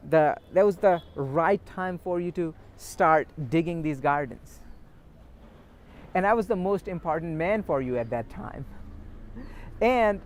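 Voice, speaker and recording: A man, a spiritual teacher, telling a parable in a gentle, unhurried way. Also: a little high. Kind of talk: storytelling talk.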